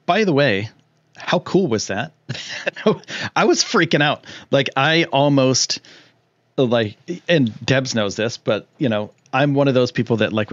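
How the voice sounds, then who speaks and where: A young man chats on his live stream in a loose, rambling way, full of ums and restarts, and his voice shoots up when something thrills him. The sound is a bit dull and lo-fi, with a dry, close feel and almost no room echo. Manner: excitable, rambling, lots of fillers, jumps high when thrilled. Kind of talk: casual live-stream chat.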